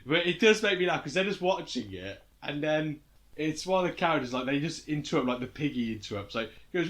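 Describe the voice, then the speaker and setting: A man's voice: fairly high pitch, a little fast. A young man hosting a casual podcast, retelling scenes and acting out the lines with lots of laughter. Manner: animated retelling, acting out quotes, frequent laughter. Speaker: podcast host. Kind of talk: casual chat.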